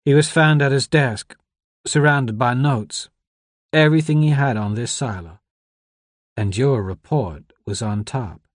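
A man reading aloud who voices a tearful young woman grieving a mentor, speaking softly with a lifted pitch. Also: a little slow, no echo, studio quality, lightly acted. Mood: urgent.

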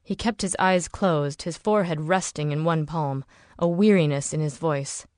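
This audiobook narrator reads a novel from a script, her low-pitched voice steady and measured. The studio-quality recording has no echo.

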